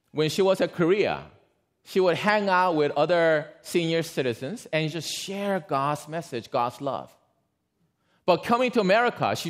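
A man preaching a sermon, telling an illustration in a lively way with asides to his listeners. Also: on the high side. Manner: lively, animated storyteller with asides to the congregation. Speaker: pastor. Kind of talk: sermon storytelling.

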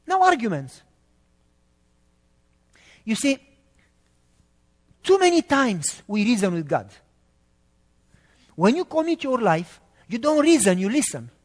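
A man preaches with animated emphasis. His high voice swoops up and down. The sermon carries the long reverb of a church hall. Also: slow, pauses often. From Romania.

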